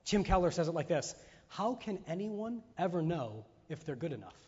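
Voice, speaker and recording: A man preaching a sermon to his church, animated, acting out voices and firing off rhetorical questions. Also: fairly high pitch, moderate pace, slightly rough. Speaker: pastor. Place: church sanctuary. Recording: muffled sound in a reverberant hall.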